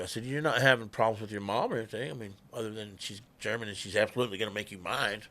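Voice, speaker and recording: A man's voice: mid-range voice, expressive, quick pace, hardly any pauses, fairly bright tone. A middle-aged man, telling stories in a chatty, laughing, drawling way. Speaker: guest musician. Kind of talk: casual storytelling.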